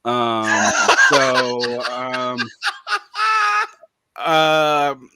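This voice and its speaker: A man's voice: medium pitch, drawn-out words, very noisy. A man co-hosting a podcast in casual chat, hesitant with many fillers and wry asides. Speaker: podcast co-host.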